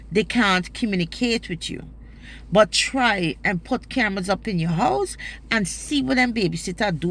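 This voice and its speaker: A woman's voice: mid-range voice, a bit bright. A woman with a Guyanese accent telling a personal story in a vlog. She speaks emphatically, swears freely and uses Creole turns of phrase.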